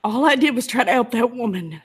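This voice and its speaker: A woman's voice: on the high side, expressive, brisk, slightly rough. A woman YouTuber giving an angry, emotional commentary, tearful and indignant as she talks. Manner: emotional, indignant, close to tears.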